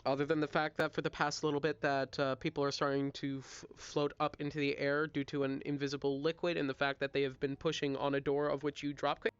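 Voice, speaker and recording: A man's voice: fairly high pitch, flat delivery, fast, few pauses, clear, resonant tone, no echo, dull audio. A man narrating as dungeon master in a casual online tabletop game, talking loosely and apologizing now and then. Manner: casual, apologetic, coughing at times.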